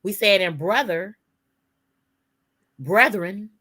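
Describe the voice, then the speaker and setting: A woman's voice: mid-range voice, lively intonation, slow pace, pushed and bright. A woman co-hosting a casual podcast chat, emphatic and spelling words out letter by letter. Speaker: podcast co-host.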